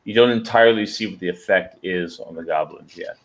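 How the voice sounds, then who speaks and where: A man with a low voice narrates as game master of a tabletop game. He describes the action steadily and calls for dice checks. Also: fairly quick.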